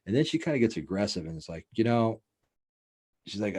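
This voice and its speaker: A man's voice: fairly low pitch, expressive, fast, a little mellow. A man hosting a podcast, telling a rambling, profane story in a loose, casual way and filling it with "like" and "you know.". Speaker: podcast host.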